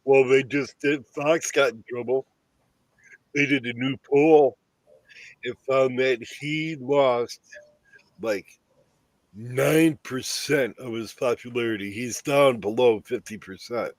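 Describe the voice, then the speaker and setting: A man's voice: medium pitch, takes it slowly, no echo. A man in casual political chat, indignant and swearing about prices and cuts. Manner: indignant, profane.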